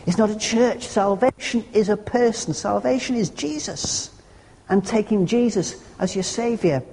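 A man delivers a sermon in an earnest, chatty way and slips in homely jokes. His voice is mellow and a little husky. It rings through a hall with a long reverb. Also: sits high, a little slow. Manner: earnest and conversational, with homely humorous asides. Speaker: preacher.

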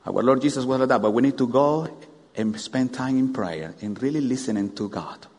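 A man preaching a sermon, animated, firing rhetorical questions at the congregation. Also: medium pitch, normal speed. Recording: long hall reverb.

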